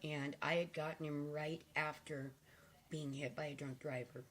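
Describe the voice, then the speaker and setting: An older woman vlogging to camera, hoarse and raspy from losing her voice, talking in a rambling, heartfelt way with hesitant fillers. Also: low voice, fairly even intonation, moderate pace, a little hiss or hum. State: hoarse, nearly lost voice. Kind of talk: casual to-camera chat.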